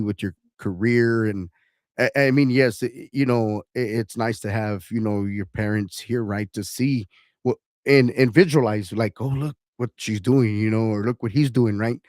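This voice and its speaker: A man's voice: lowish voice, steady tone, moderate pace, darkish tone, no room sound, clean studio sound. A man hosting a radio talk show, talking in a consoling, hesitant way. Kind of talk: casual interview chat.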